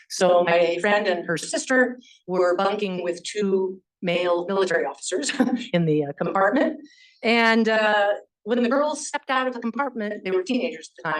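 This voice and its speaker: A woman history professor giving an academic lecture in a measured, explanatory way, often pausing on "um" and "you know". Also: medium pitch, low-quality recording.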